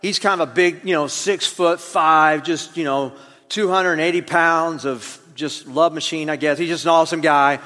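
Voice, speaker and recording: Male pastor, high voice, conversational sermon, long hall reverb. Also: sharp tone. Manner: conversational preaching, call-and-response with congregation. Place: church auditorium.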